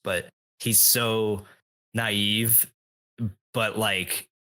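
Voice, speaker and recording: A man co-hosting a movie podcast, talking excitedly and casually, swearing and acting out quotes from the film. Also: lowish voice, extremely slow. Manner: excited, profane, acts out quotes. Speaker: podcast co-host.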